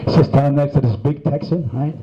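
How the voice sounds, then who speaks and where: A man's voice: a little high, fairly even intonation, brisk, dark tone. An older man telling a long, rambling joke in a casual, conversational way. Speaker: joke teller. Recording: dull lo-fi sound.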